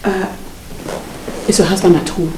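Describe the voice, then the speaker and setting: A woman's voice: fairly low pitch, fairly even intonation, unhurried, echoey room, background noise, lightly acted. An actress playing an insistent friend with a Ghanaian English accent who pushes a married woman toward a juju man. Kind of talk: Ghanaian film acting.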